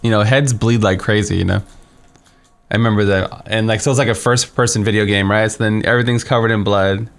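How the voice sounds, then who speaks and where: A man's voice: fairly low pitch, fairly even intonation, fairly quick. A young man streaming a game, telling a story in a casual, rambling way with many fillers and restarts. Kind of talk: casual storytelling while playing.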